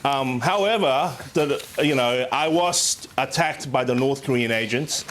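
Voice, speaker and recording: A man doing a comic impression of a male dictator who delivers boasts and threats deadpan. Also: medium pitch, measured pace, a little hiss or hum, lightly acted. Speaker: impersonator.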